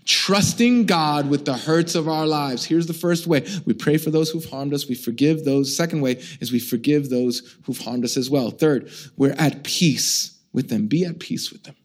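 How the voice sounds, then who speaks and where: A middle-aged man preaching a sermon as a pastor, with humorous, animated storytelling, self-mocking asides and questions to the congregation. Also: mid-range voice, moderate pace, few pauses. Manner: conversational, asks the congregation questions.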